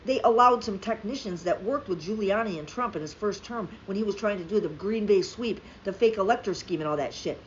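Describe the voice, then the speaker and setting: A woman's voice: mid-range voice, brisk, hardly any pauses. A woman delivering a heated, profane political rant as a commentator, hammering her points with emphasis. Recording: slightly dull lo-fi audio with faint noise.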